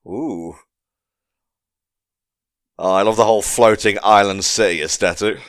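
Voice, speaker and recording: A man with a fairly low voice hosts a laid-back audio commentary. He jokes around and drops casual swears. The sound is dry and close. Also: fairly even intonation, unhurried, dry recording. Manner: joking, chatty, swears casually. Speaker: commentary host.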